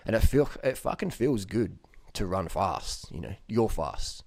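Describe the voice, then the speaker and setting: A man speaks in a casual, rambling vlog monologue with a low voice. He is blunt and profane, joking as he goes and leaning on fillers. The recording is dry and close, with no room sound. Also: animated, a little fast, darkish tone, no room sound. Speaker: vlogger giving diet advice.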